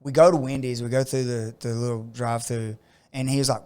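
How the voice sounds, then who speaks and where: A man spinning a story in casual podcast chat, his voice smooth and clear at a middling pitch. He fills his sentences with "like" and bursts into loud put-on voices when he quotes people. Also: a little fast. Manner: animated storyteller acting out quotes with loud outbursts; frequent "like" fillers. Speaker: podcast co-host.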